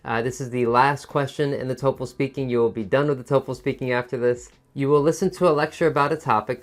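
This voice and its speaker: A TOEFL teacher explains a test in an online lesson, his soft, musical voice rising and falling at an ordinary middle pitch. He picks up speed, then slows way down to emphasize a point.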